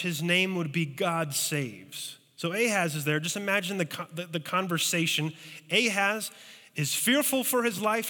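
A man preaching a sermon as pastor, telling stories with animated, acted-out voices. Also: high-pitched, long reverb tail. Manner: animated storytelling, acting out scared voices.

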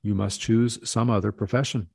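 Man doing a kindly spiritual master, soft, measured, low, dark warm tone. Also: steady tone, vocal fry, husky, no echo, clean studio sound. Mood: firm. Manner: gentle, soft-spoken, measured. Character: calm kindly elderly male spiritual master.

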